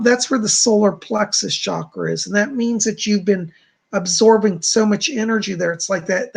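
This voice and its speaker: A man with a deeply gravelly, fry-laden voice and a husky, breathy edge gives psychic readings on a live stream. He speaks softly and reassuringly, reading viewers' messages aloud before answering them. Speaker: psychic medium.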